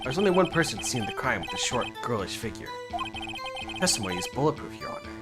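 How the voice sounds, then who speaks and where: A streamer voicing a smug, arrogant male prosecutor in a cold, cutting manner, read aloud from a video game over loud game music. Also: mid-range voice, very animated, fast, close to an everyday voice. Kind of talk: reading game dialogue aloud.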